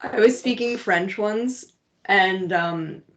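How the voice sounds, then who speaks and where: A woman's voice: medium pitch, slow, a bit bright. A woman from Canada with a Canadian English accent, telling stories in a rambling, casual way with lots of filler words. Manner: rambling storyteller, many "like" fillers. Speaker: podcast co-host. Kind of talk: casual chat. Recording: dull lo-fi audio.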